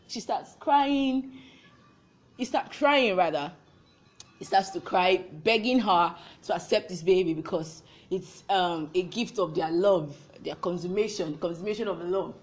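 A woman's voice: on the low side, a little slow. A young woman tells a role-reversal story, firing off repeated rhetorical questions.

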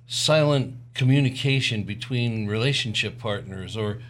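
A man's voice: lowish voice, moderate pace, fairly bright tone. Easygoing older man co-hosting. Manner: easygoing, joking. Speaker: podcast co-host. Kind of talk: casual chat with spouse.

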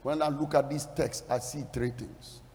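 A man preaching a sermon, emphatic and building into shouted declarations. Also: medium pitch, steady tone, normal speed, long reverb tail.

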